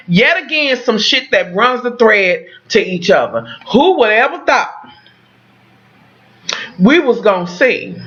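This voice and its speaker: Woman vlogger doing a profane tv recap, bright voice, slightly muffled lo-fi audio, keeps talking to y'all. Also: a little high. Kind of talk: casual profane reaction recap.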